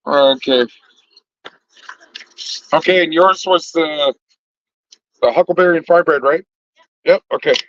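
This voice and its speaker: A man's voice: on the high side, takes it slowly, pauses often, fairly bright tone, no room sound, dull audio. A middle-aged man who cooks and sells food, chatting loosely into his phone during a livestream with lots of fillers and easy laughter. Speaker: food truck cook and vlogger. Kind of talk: casual livestream chat.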